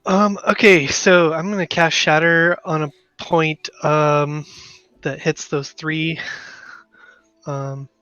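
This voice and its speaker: A man's voice: fairly high pitch, level tone, slow, sharp tone, clean tone, no echo, muffled recording. A man playing in a tabletop game, talking hesitantly with many "um" fillers. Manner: hesitant, frequent "um". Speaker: player. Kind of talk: tabletop game play, casual chat.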